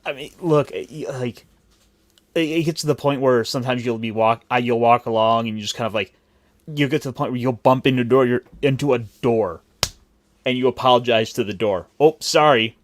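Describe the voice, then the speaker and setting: A man's voice: medium pitch, a little fast. A man from Cleveland, hosting a casual podcast chat in a rambling, jokey way full of restarts. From grew up in Cleveland and Puerto Rico. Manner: rambling, self-interrupting, jokey. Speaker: podcast host.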